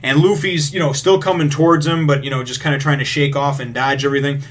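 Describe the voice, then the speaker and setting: A man hosting a manga review, recapping a chapter in a rambling way with lots of fillers and casual swearing, getting excited over the action. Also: a little high, quick pace. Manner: gets excited retelling action.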